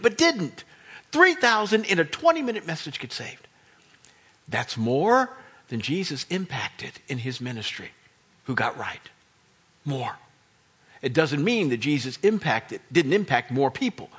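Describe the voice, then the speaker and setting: Male American pastor, high, lively delivery, slightly husky; storytelling sermon. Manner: animated storytelling, acts out voices of disciples.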